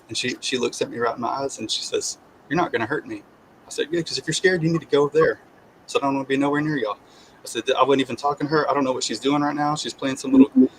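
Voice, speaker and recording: A man's voice: mid-range voice, a little hiss or hum, rough recording. A man, a guest sharing his testimony, tells a personal story in casual conversation, acting out the voices he quotes. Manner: animated, acts out quoted voices, repeats and restarts.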